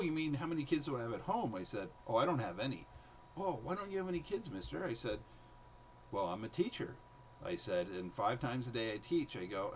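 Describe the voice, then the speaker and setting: Man telling teaching stories, lively pitch. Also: a little hiss or hum, low-quality recording. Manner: animated, acts out students' voices in quotes. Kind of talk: casual storytelling monologue.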